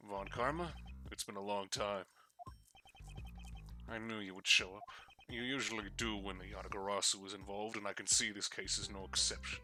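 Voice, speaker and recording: A man voicing a gruff, terse veteran male detective while reading a video game aloud on a live stream. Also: on the low side, steady tone, moderate pace, pauses often, over music, voice pushed down, natural voice.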